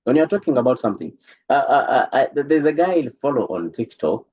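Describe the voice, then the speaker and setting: Animated man giving a lo-fi coaching talk. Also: medium pitch, fast. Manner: animated, repeats words, stumbles, preachy. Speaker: business coach. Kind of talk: motivational talk to a group. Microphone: online call.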